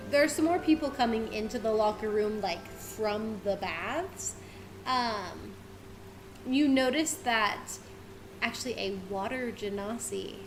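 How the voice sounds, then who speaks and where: A woman's voice: fairly high pitch, poor audio. A woman narrating a tabletop game as game master, chatty and full of fillers.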